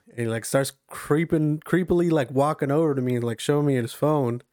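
A man's voice: mid-range voice, a little fast, a little mellow, dry recording, studio quality. A young man in casual chat, telling a slangy, profane story with frequent laughs.

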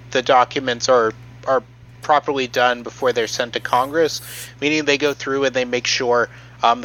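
A man's voice: mid-range voice, sharp tone, rough recording. Hesitant man explaining, lots of ums. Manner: hesitant, many ums, matter-of-fact. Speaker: podcast host presenting research. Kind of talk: explaining a topic from notes.

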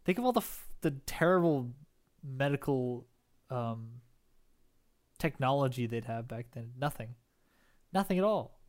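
A young man co-hosting a relaxed podcast chat. He rambles and hesitates, restarting phrases as he makes things up on the spot. His voice sits at an ordinary mid pitch. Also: a little slow, long pauses. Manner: rambling, hesitant, restarts often while improvising. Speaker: podcast co-host. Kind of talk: casual chat.

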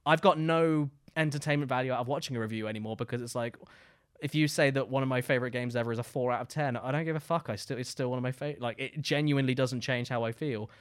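A man, a guest on a gaming podcast, chatting casually in an animated way, repeating himself for emphasis and swearing freely. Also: medium pitch, fast talker, clean tone.

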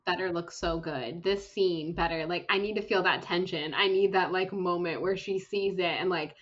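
A woman co-hosting a book podcast, gushing through an excited, quick recap of a favorite novel's scene. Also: on the low side, highs cut off.

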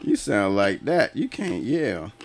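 A man's voice: on the low side, very animated, takes it slowly, no echo. A man telling funny work stories in a profane, laughing, casual chat, often mimicking people.

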